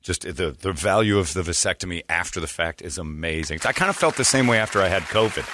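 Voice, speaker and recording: Man, radio host, deep voice, quick rambling delivery, crude jokes. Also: expressive, background noise. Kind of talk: casual morning radio banter.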